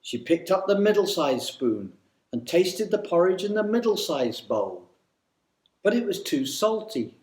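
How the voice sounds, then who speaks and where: A man reading a children's storybook aloud in a slow, animated, sing-song way. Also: sits high. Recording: echoey room.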